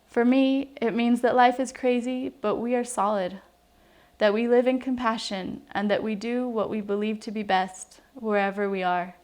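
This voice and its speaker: A woman's voice: fairly high pitch, steady tone, normal speed, a little mellow. A woman from New Mexico, around her thirties, reading a heartfelt, personal letter to her young daughter in an earnest, reflective way.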